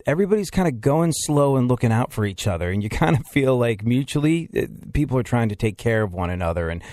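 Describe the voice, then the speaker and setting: A man's voice: mid-range voice, lively intonation, quick pace, darkish tone, no echo, studio quality. Rambling man telling stories. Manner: rambling, storytelling, laughs often. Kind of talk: casual chat.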